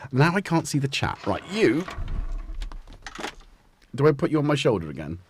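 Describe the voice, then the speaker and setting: A man's voice: medium pitch, sing-song, takes it slowly, slight background noise. A man hosting a casual live stream from his home music studio, rambling and chatting to his cats as he goes. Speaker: livestream host.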